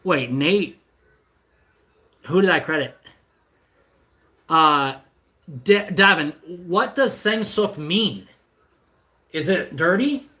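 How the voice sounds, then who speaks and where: A streamer assembling furniture live speaks in an animated, medium-pitched voice with a sharp tone, taking it slowly with long pauses. They ramble and tease themselves, stammering and restarting sentences. The distant, off-mic recording is echoey with faint noise.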